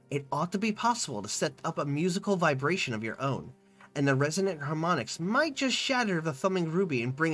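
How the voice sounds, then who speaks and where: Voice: mid-range voice, a bit bright. A game streamer reading a fantasy video game's narration aloud dramatically and chatting casually about the choices between passages. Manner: reads narration dramatically, then chats quickly about choices.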